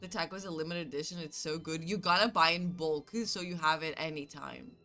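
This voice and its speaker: A woman's voice: sits low, fairly even intonation, brisk, pushed and bright, soft background music. A woman streamer from Canada chatting casually with her chat, telling stories animatedly, acting out both sides and swearing freely.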